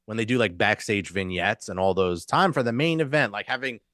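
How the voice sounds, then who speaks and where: A man's voice: lowish voice, fairly quick, a bit bright, no room sound, clean studio sound. A man co-hosting a podcast, chatting casually about wrestling in a laid-back way and swearing freely. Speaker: podcast co-host.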